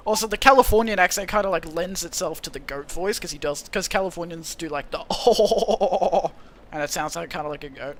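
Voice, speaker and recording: A young man streaming a game, commenting casually and excitably, laughing often. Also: on the high side, fairly quick, a little hiss or hum.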